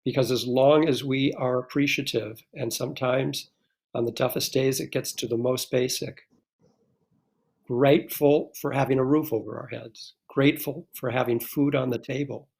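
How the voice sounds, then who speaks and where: A man speaks as a guest on a live stream, building earnest rhetorical lists like a short speech. His voice is gravelly, with a mid-range pitch. He comes through a video call. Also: fairly even intonation, normal speed, darkish tone.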